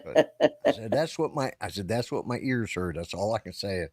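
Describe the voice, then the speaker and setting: A man's voice: lowish voice, expressive, moderate pace, a little mellow, dry recording, studio quality. A middle-aged or older man, co-hosting a podcast, telling a long rambling story in a casual way, stopping and restarting as he goes. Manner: rambling, self-interrupting storyteller. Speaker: podcast co-host. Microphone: live-stream call setup.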